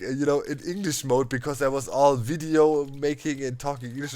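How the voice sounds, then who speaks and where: A man, chatting casually while he plays a game. He tells his story in an animated way, laughs often and leans on fillers like "you know" and "man". His voice sits at an ordinary middle pitch. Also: normal speed, no echo. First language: German. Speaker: let's play host. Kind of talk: casual storytelling over gameplay.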